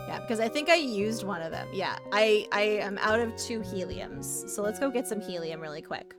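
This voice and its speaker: A woman streaming a retro adventure game, chatting casually and playfully with her viewers and breaking into loud bursts of frustration. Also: mid-range voice, expressive, normal speed, hardly any pauses, over music. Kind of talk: casual live-stream commentary.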